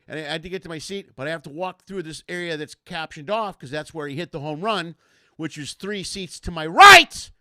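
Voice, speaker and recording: A man with a bright, forceful voice hosts a casual comedy podcast, rambling through anecdotes and throwing himself into the quotes. His pitch sits a touch high for a man, and the sound is dry and close. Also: no echo. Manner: rambling storyteller, animated, acts out quotes. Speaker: host.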